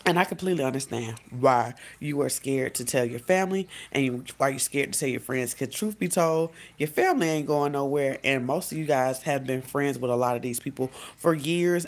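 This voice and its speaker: A woman life coach giving casual advice in a vlog, talking directly to her viewers in a relaxed, conversational way. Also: extremely low pitch. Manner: conversational, speaks straight to viewers, acts out quotes.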